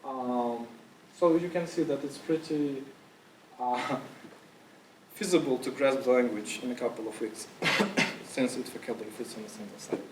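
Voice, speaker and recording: A man's voice: mid-range voice, moderate pace, recorded from a distance, a little hiss or hum. Man presenting to an echoey room. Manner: loose, with many fillers and restarts. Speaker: conference speaker. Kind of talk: casual presentation talk. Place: conference room with audience.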